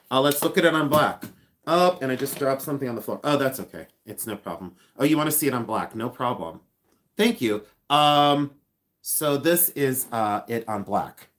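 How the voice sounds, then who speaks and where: Chatty, excitable man hosting a live stream. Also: medium pitch. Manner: chatty and excitable, thinks aloud with many restarts. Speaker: livestream host and reseller. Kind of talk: casual live-stream chat reading viewer comments.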